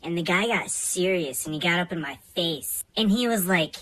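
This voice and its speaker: A woman doing a comic storytime monologue with a bright, forward voice. She is animated and theatrical, jumping from loud punchlines to quiet murmured asides. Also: lowish voice, moderate pace, poor audio. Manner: animated, swings loud and soft. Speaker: comedian.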